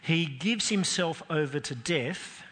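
A man's voice: on the high side, lively intonation, takes it slowly, a bit bright. A man preaching a sermon, earnest and emphatic, his voice climbing and dropping to stress points. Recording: long hall reverb.

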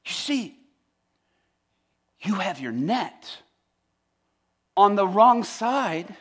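A man voicing a calm, patient teacher who gives simple advice softly. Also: sits high, extremely slow, slightly rough, pitched below the performer's own voice, heavily acted.

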